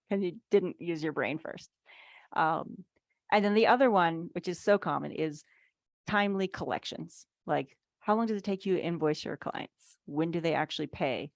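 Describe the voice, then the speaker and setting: A woman with a low, gravelly voice leads a relaxed online workshop for business owners. She talks in a chatty, easygoing way, full of "like"s and little acted-out asides. Her voice sounds dry and close over a video call, with no room echo. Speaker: financial speaker. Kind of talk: casual workshop teaching.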